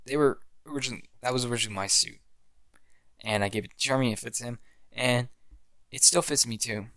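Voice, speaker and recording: A man's voice: medium pitch, fast, creaky, sharp tone, no room sound. A young man telling the story of an amateur fan film he made, in a rambling way with frequent restarts. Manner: rambling, restarts often, acts out his own film lines. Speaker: amateur filmmaker. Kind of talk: casual storytelling.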